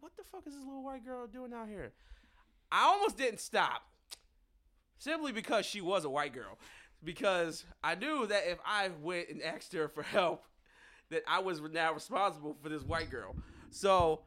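A young adult man, a podcast co-host, telling a story in casual, animated, profane chat. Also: high voice, a little slow.

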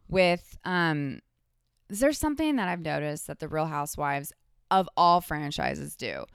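A woman with a lowish, smooth, resonant voice. As a podcast guest she rambles through animated stories, stumbling and restarting as she goes. The sound is close and dry, with no room. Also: dry recording. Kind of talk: casual chat.

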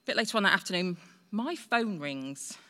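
A woman in her forties tells her own story, chatty and self-deprecating. Her voice is bright and forceful, and it carries a long reverb like a hall. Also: mid-range voice, animated, moderate pace. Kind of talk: personal storytelling on stage.

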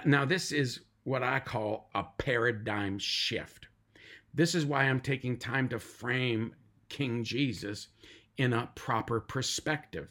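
A man's voice: medium pitch, fairly bright tone. A middle-aged man, a pastor, giving an emphatic podcast sermon and repeating lists of words for weight.

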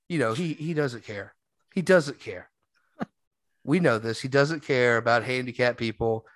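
A man's voice: mid-range voice, measured pace, no room sound. A man hosting a podcast, telling a rambling story in casual chat. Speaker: podcast host.

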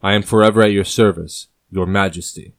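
Man doing a calm, loyal general. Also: on the low side, fairly quick, lightly acted. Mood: earnest. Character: loyal male major-general, calm and devoted.

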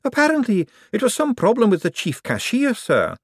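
A man voicing a flustered male bank clerk who reports in a hurried, anxious way. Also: sits high, huge pitch swings, husky, no room sound, studio quality, voice pushed up, exaggerated voice.

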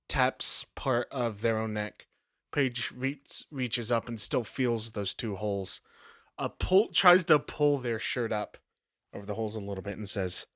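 A man narrating as game master in a relaxed, rambling way, full of fillers and self-corrections. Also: mid-range voice, unhurried, dry recording, clean studio sound. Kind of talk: casual tabletop game narration.

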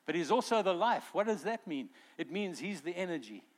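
Brief: male pastor, earnest preacher, voice sits a bit high. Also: very animated, normal speed, few pauses. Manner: earnest preaching with acted-out quotes. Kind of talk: sermon.

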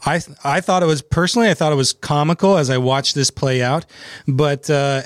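A man's voice: on the high side, fairly even intonation, fairly quick, dry recording. A man hosting a legal talk show in a studio, chatting casually and sarcastically, laughing at his own story. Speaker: attorney and podcast host. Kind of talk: casual chat. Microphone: studio microphone.

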